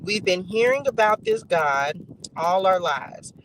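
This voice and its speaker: A high-voiced man reads psalms to a live chat, leaning into repeated words and dropping colloquial asides. His tone is bright and ringing, with a faint hiss of noise behind him. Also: animated, takes it slowly, low-quality recording. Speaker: online faith reader and streamer.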